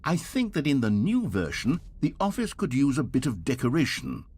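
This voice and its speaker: A man's voice: medium pitch, wildly swooping pitch, moderate pace, a little mellow, slightly rough. A man voicing a smug, sarcastic video game narrator with dry, mock-grand delivery.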